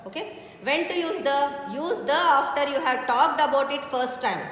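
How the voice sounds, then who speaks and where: A woman's voice: high-pitched, normal speed, fairly bright tone, soft background music. A woman teaches a grammar lesson, explaining step by step and often checking with "okay?". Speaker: English teacher. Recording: very echoey hall with faint background noise.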